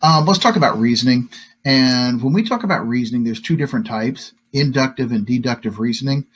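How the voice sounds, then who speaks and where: A man teaching a recorded lesson to high school students, talking conversationally with lots of fillers and tag questions. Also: a little fast, slightly rough. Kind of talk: recorded classroom lecture.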